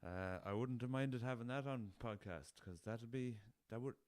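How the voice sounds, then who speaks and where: A man's voice: medium pitch, normal speed, clear, resonant tone, dry recording. An Irish man hosting a casual solo podcast, rambling through a story and swearing freely, recorded on a laptop. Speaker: podcast host.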